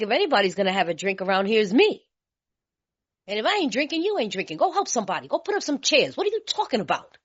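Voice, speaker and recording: A woman from California sharing her story at a recovery meeting, blunt, animated and laughing, with streetwise talk. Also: fairly high pitch. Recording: dull lo-fi recording.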